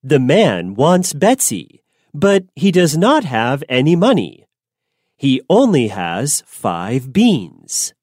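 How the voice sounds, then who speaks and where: Slow, lively storybook narrator woman. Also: extremely low pitch, dry recording, clean studio sound. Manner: clear, simple and deliberate.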